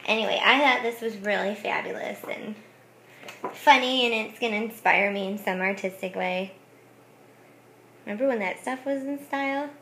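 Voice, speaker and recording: A woman's voice: medium pitch, moderate pace, sharp tone, slight background noise. A woman craft vlogger chatting casually about thrift finds, giggling often and saying "like" a lot. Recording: echoey room.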